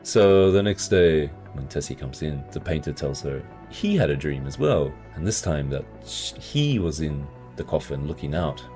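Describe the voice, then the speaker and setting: A man's voice: extremely low pitch, animated, normal speed, hardly any pauses, darkish tone, faint music behind. A man hosting a casual book podcast, loosely recapping a plot with lots of hedging fillers. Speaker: podcast host.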